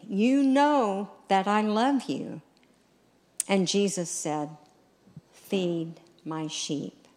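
Slow, deliberate woman preaching a sermon. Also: fairly low pitch. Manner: slow, deliberate storytelling with quoted dialogue.

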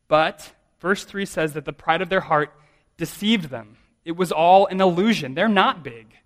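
A man's voice: a little high, unhurried, a bit bright. A man in his thirties, a pastor preaching a sermon in a conversational, self-deprecating way, often restarting his sentences.

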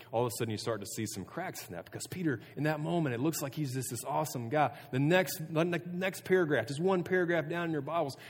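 A man's voice: a little high, husky. Youth pastor guy talking earnest and loose to students, lots of restarts, room with a long echo. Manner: earnest, conversational, with frequent restarts and "like". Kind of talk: casual youth sermon. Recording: long reverb of a hall.

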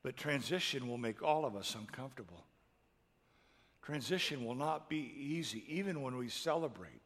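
Impassioned middle-aged pastor in a hall. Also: male voice, medium pitch, lively intonation, moderate pace. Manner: emotional storytelling, rising to loud impassioned peaks. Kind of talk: sermon.

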